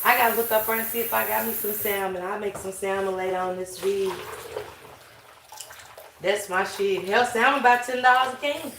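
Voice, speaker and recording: A woman's voice: medium pitch, normal speed, a bit bright, slight background noise. A woman hosting a livestream, reading chat and joking loosely with plenty of swearing. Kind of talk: casual chat. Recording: echoey room, mic at a distance.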